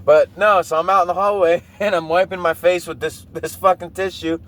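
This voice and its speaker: A man's voice: sits high, fairly even intonation, a little fast, fairly bright tone. A man in his thirties hosting a podcast, telling a rambling, profane personal story and often breaking into laughter. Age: 30s. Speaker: podcast host. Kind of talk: casual monologue.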